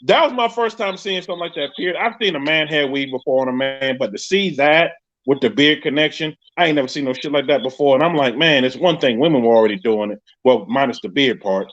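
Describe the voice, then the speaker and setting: A man with a New York accent hosting a live podcast, telling a story in a loud, profane, animated way. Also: on the high side, fast. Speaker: podcast host. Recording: dull lo-fi stream audio.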